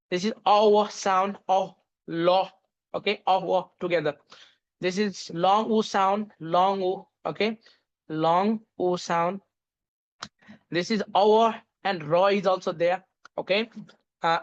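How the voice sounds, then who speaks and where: Nepali-accented English teacher drilling vowel sounds. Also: male voice, sits high. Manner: drills sounds by repeating them, many fillers. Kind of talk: live online class. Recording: dull lo-fi audio.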